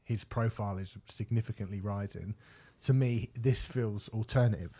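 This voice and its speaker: A man's voice: fairly low pitch, normal speed, warm tone. A man hosting a music podcast, talking in a rambling, sweary, casual way. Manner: rambling, sweary, many restarts. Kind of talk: casual chat.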